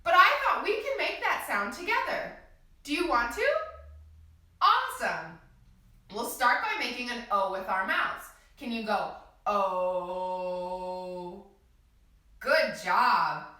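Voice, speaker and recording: Bright, sing-song kids' yoga teacher, a woman; room echo, voice off-mic. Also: a little high, sing-song, a little slow. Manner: sing-song, gently encouraging, speaks to small children. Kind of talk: children's yoga class instruction. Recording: echoey room, voice from a distance.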